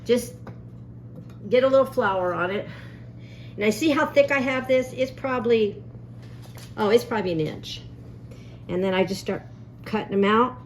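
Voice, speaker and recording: A woman's voice: a little high, moderate pace, long pauses, slight background noise. A woman hosting a casual cooking demonstration in a home kitchen, chatty and folksy, telling family stories as she works. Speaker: cooking show host.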